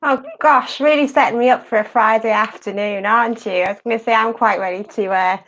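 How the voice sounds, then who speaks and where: A woman's voice: a little high, steady tone, fairly quick, a bit bright, dull audio. A woman on university staff chatting in a playful, giggly way. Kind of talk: casual chat.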